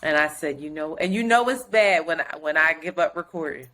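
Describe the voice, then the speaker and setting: A woman co-hosting a podcast, telling a story in casual chat, animated and profane, acting out other people's quotes. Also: deep voice, a little fast. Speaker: podcast co-host.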